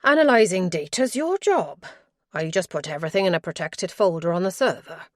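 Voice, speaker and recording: Audiobook part: a woman narrator voicing a prickly Welsh tech man, loud and jargon-heavy, dry close sound. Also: sits high, animated, brisk, no room sound. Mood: tetchy. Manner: impatient, jargon-heavy, scornful. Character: fussy sharp-tongued Welsh male tech expert.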